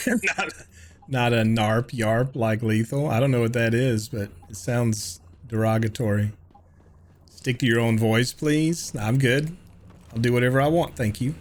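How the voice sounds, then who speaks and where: A man's voice: medium pitch, unhurried. An older man with a Southern US accent, chatting casually and joking with viewers while he streams a game. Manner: joking banter with chat. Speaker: livestreamer.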